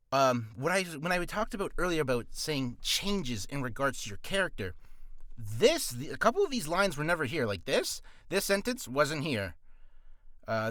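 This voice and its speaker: A man's voice: mid-range voice, a bit bright, no room sound. Rambling male voice actor, dry booth. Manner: rambling, with many restarts and apologies. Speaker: voice actor teaching. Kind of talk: casual tutorial talk. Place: home recording booth. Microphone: studio mic with pop filter.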